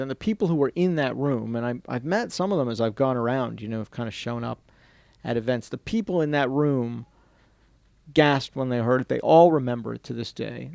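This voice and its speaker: A man speaking to an audience at a bookstore event, telling a story in a lively way and dropping to a hushed voice when he quotes people. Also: mid-range voice, vocal fry, no echo. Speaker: author giving a book talk. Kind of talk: storytelling book talk.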